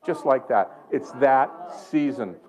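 A man's voice: medium pitch, lively intonation, unhurried, a little mellow. A man preaching a sermon in a church, telling a story with lots of chuckles and self-mocking humor. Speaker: guest preacher. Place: church sanctuary.

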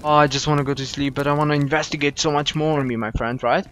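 A man's voice: fairly high pitch, quick pace. Jumpy young man voicing gameplay commentary. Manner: excitable, jumpy, swears when startled. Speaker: gaming YouTuber. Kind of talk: first-play horror game commentary.

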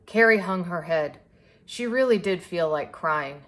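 A woman reading a children's picture book aloud to a young child in a clear, expressive way. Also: fairly low pitch, a little slow. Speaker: storybook reader.

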